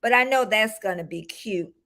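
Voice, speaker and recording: A woman in her sixties hosting a casual livestream, greeting viewers by name and chatting warmly with frequent ums. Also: medium pitch, moderate pace. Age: 60s. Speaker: livestream host.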